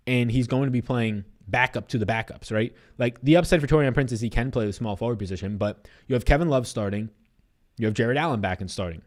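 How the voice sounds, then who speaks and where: A young man hosting a sports betting livestream, chatting loosely, reading viewer comments aloud and answering them. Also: lowish voice. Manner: fast, animated, loose and profane.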